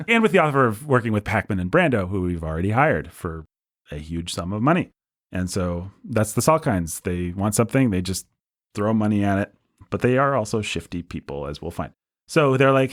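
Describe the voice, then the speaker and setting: Telling stories from film history, a male podcast host keeps things casual, breezy, and enthusiastic. His fairly low voice has lively intonation and a normal pace, recorded dry with clean studio sound.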